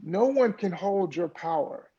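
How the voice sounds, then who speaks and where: On a lo-fi recording, a man joins a podcast as a guest for a conversational interview. He's an earnest mindfulness coach who speaks motivationally and often repeats words as he builds a point, in a high, animated, mellow voice that is a little slow and has a breathy edge.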